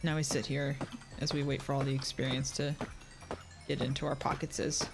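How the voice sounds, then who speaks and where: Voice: medium pitch, little pitch movement, normal speed, gravelly, over music. A streamer chatting casually while playing, blunt and swearing freely as they talk to chat.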